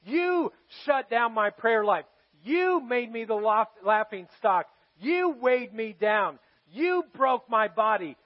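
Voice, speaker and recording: An anguished prophet cries out against God in a high, strained voice, slow and pleading, as a pastor acts him out. Each accusation is drawn out and loud. The recording is dull and muffled. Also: male voice, lively intonation, exaggerated voice. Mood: accusing. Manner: pleading, raised, drawn-out lament.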